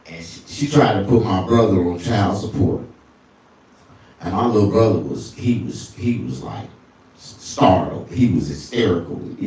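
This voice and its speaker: A male stand-up comedian telling crude stories, often jumping into falsetto. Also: moderate pace, darkish tone, heavy reverb, distant mic. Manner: crude, storytelling, swings into falsetto.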